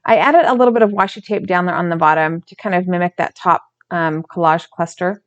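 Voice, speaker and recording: A woman's voice: on the low side, moderate pace, dull audio. A woman hosting a craft channel, narrating her art journal process in a casual, chatty way, often correcting herself and stumbling over words.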